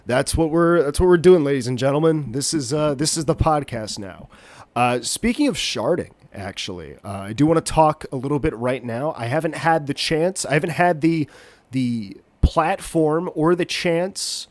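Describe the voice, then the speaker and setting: A man's voice: fairly high pitch, animated, moderate pace, dry recording. A man hosting a solo podcast while getting over a cold, congested and nasally, rambling and joking at his own expense. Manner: rambling, jokey, self-deprecating. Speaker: podcast host.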